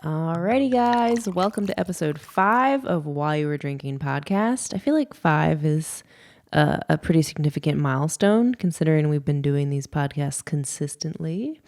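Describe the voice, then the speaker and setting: A woman with a notably low-pitched voice co-hosts a podcast. She chats in a friendly, easygoing way and often pauses with "um". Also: lively intonation, a little mellow. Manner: friendly and chatty, with frequent "um" fillers. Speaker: podcast co-host. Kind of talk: casual chat.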